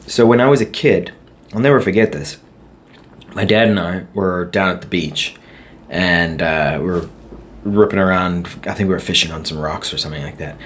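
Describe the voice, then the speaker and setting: A man's voice: low voice, slight background noise. A man hosting a casual solo podcast, chatty and rambling, laughing at his own stories. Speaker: podcast host.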